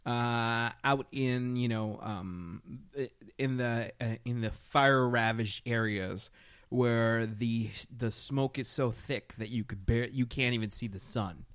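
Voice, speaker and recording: A man's voice: medium pitch, slow pace, smooth, dry recording, clean studio sound. A man co-hosting a casual podcast chat, telling stories loosely with plenty of swearing and fillers. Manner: profane, loose storytelling with many fillers. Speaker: podcast co-host.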